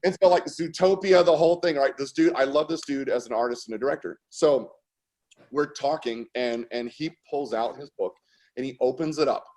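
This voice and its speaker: A man telling a story with mounting excitement, his voice jumping up into shouts and laughs. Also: medium pitch. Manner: animated, fast-building, breaks into shouts and laughter. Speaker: artist guest. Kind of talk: excited storytelling on a video call.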